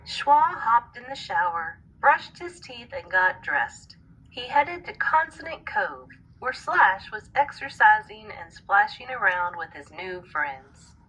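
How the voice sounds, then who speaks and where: A woman teacher reading a storybook aloud to a class, with expressive, clear storytelling. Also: mid-range voice, takes it slowly, poor audio.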